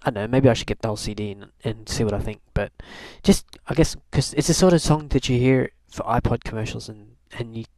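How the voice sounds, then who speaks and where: A man's voice: medium pitch, fast, few pauses, darkish tone, no echo. A young man from Canada telling a rambling, wry diary-style story, full of fillers and restarts. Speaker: video blogger. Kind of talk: casual rambling diary talk.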